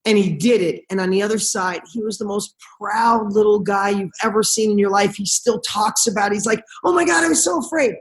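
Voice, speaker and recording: Passionate, fast-talking middle-aged man. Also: high voice, little pitch movement. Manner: passionate, rapid storytelling with casual swearing. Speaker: podcast guest. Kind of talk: motivational podcast interview.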